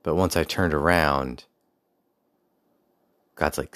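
A man's voice: rumbling low, normal speed, a bit bright, dry recording. A young adult man hosting a podcast, telling a personal story in a rambling, casual way with restarts and asides, and reflecting on his faith. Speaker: podcast host.

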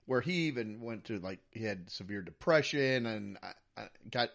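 A man co-hosting a podcast in casual chat, animated and mocking, dropping into impressions now and then. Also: on the low side, normal speed, creaky. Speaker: podcast co-host.

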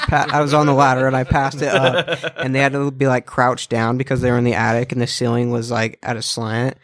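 A man's voice: medium pitch, flat delivery, fairly quick, a bit bright. Male guest, casual storyteller, laughs along. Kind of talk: casual anecdote.

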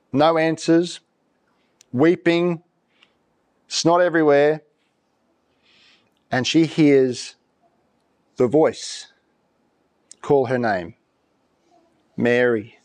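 Animated man preaching a conversational sermon. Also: on the high side. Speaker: pastor. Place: church.

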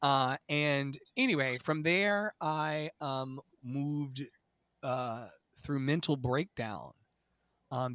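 A man in his thirties from Virginia with a bright, forceful voice, telling his story as a podcast guest. He is dramatic and animated, and he swears freely. The sound is dry and close. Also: mid-range voice, no echo. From Virginia, USA. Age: 30s. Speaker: podcast guest, Broadway singer. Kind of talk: storytelling interview.

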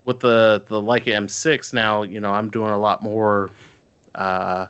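A man with a lowish voice talks casually as a podcast co-host. He wanders through his thoughts, full of ums, likes and restarts. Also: level tone, a little slow, a bit bright, smooth, highs cut off. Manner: rambling, many fillers and restarts. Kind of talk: casual chat.

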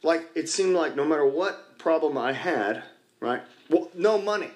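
Speaking at a normal speed in a high-leaning, expressive voice, a man opens up to his recovery group in a church basement. His talk is rambling and self-mocking, peppered with plenty of "you know."

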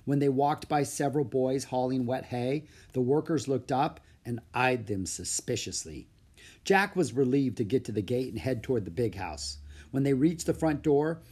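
A man reading a children's book aloud in an expressive storytelling manner. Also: mid-range voice, slightly rough. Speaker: narrator.

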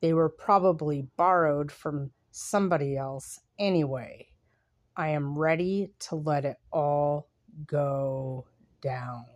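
Slow, low-voiced reflective woman. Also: no echo. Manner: soft, unhurried and reflective, with pauses. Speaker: podcast host. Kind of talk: casual monologue and reading her own writing aloud.

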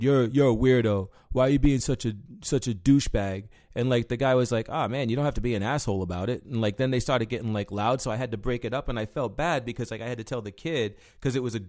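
A man chatting casually, telling rambling stories about bouncing at a bar, full of fillers and swearing. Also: mid-range voice. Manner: rambling storyteller, heavy filler words, swears freely. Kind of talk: casual chat.

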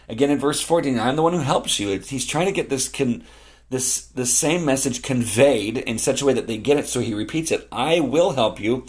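A man's voice: mid-range voice, fairly quick. A middle-aged man preaching a sermon as a pastor, reading scripture and explaining it in an earnest, conversational way, repeating key phrases for emphasis.

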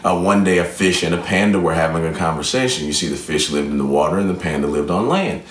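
A man's voice: low-pitched, fast. A man telling a fable and drawing an earnest, preacher-like motivational lesson from it. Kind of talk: motivational storytelling talk. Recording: roomy echo, from a distance.

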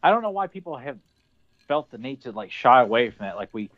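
A man's voice: mid-range voice, big pitch swings, fast. A man co-hosting a podcast in casual, sarcastic and sweary chat. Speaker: podcast co-host. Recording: dull lo-fi podcast audio.

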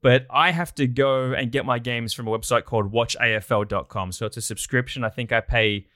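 A man's voice: medium pitch, brisk, bright, forceful tone, dry recording, studio quality. An Australian man chatting enthusiastically as a guest in a casual interview. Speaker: guest, documentary producer.

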